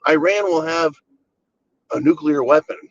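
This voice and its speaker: A high, frantic male leader crying doom in a mocking send-up, as a man puts him on. The voice leaps far above a normal speaking pitch. The sound is slightly muffled and lo-fi. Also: measured pace, slight background noise. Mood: mock panic. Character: shrill alarmist male world leader, panicky.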